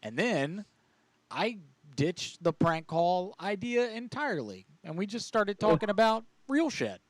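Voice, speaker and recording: Joking, foul-mouthed male host, mid pitch, dry close mic. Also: sing-song, a little slow, no room sound. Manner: loose, profane, joking. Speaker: podcast host and prank caller. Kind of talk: casual comedy chat.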